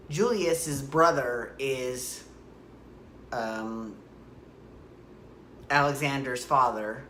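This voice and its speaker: A woman with a low voice talks through her recap in a loose, rambling way, piling up asides and rhetorical questions. The room around her is echoey, with a faint hiss underneath. She sounds like she is chatting straight to her regular viewers. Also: fairly bright tone. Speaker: soap opera recap vlogger. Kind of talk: casual rambling recap monologue.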